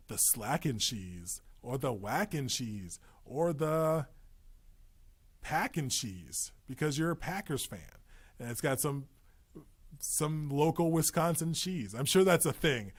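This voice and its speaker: A man's voice: medium pitch, breathy edge. A man hosting a podcast in a loose, rambling monologue with profane, joking asides. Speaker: podcast host.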